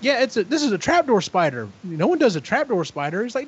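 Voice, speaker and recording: Give me an animated, high-pitched man retelling a book. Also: fast, husky. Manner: animated retelling, acts out characters, swears freely. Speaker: podcast co-host. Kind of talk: casual book recap chat. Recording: dull lo-fi audio.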